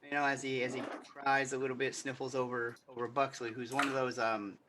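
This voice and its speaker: A man's voice: mid-range voice, little pitch movement, fairly quick, background noise. A man narrating as game master in a tabletop game, loose and rambling, with lots of fillers.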